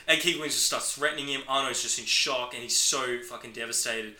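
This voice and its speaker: A man co-hosting a podcast, excitedly retelling movie scenes and acting out the characters' lines in casual talk. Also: mid-range voice, fast, hardly any pauses. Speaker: podcast co-host. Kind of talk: casual film discussion. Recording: echoey room.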